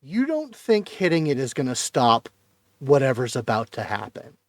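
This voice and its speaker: A man running a tabletop game as game master, describing scenes in an unhurried way. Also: mid-range voice, wildly swooping pitch, no echo.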